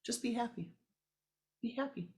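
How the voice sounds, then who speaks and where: A woman voicing a gentle, smiling male yoga teacher who repeats himself softly. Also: a little high, normal speed, voice pushed up, close to an everyday voice. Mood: serene.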